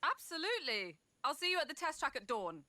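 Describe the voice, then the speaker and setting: An actress playing a cheerful young female car host in a bright, eager way. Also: sits high, big pitch swings, brisk, exaggerated voice.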